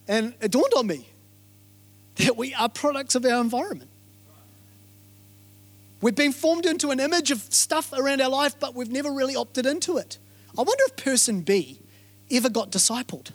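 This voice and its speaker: A man preaching a sermon in an energetic way, repeating phrases and quizzing the congregation. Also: very high-pitched, normal speed, pauses often. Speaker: pastor.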